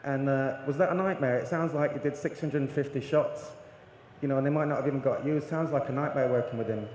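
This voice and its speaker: A man's voice: medium pitch, fast talker, darkish tone, slight background noise, natural voice. A man playing a helmeted fan with a put-on northern English accent, asking a rambling, mock-dismissive question. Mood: teasing. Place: large convention hall with audience. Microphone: handheld audience mic. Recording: echoey convention hall.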